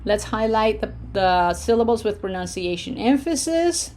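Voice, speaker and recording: A woman teaching a language lesson, modeling words slowly for repetition and checking in with frequent "okay?". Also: medium pitch, big pitch swings, a little mellow. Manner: patient, drawn-out model phrases for repetition. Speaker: Spanish teacher. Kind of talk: slow pronunciation lesson.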